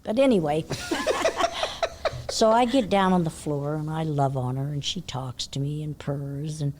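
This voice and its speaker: An older woman from California, a horse trainer, telling a long story in a chatty way, laughing often and dropping to a hush for her inner thoughts. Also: deep voice, unhurried, background noise. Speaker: interview guest, horse trainer. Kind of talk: casual storytelling.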